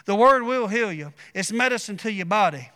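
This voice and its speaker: A man's voice: high voice, animated, fairly quick, sharp tone, clear, resonant tone, long reverb tail. A man, preaching a sermon in a folksy, conversational way with asides to the congregation. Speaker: pastor.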